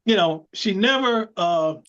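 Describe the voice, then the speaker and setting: A man's voice: sits high, measured pace, dull audio. A man co-hosting a casual chat show, telling stories with lots of laughter. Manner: storytelling, animated, laughs often. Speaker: podcast co-host.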